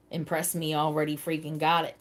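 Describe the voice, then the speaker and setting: Slow, low-voiced woman chatting to viewers. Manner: chatty, thinks aloud, greets viewers by name. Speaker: live-stream host. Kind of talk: casual live-stream chat with viewers. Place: seated at home in a wheelchair.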